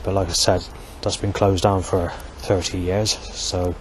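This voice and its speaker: A middle-aged man speaks in a low voice, wandering from point to point, often stumbling and restarting his sentences. He swears casually as he talks. He is recorded outdoors, with loud street and traffic noise behind him. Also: flat delivery, measured pace. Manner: meandering, frequent restarts and swearing. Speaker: vlogger. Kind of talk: rambling monologue.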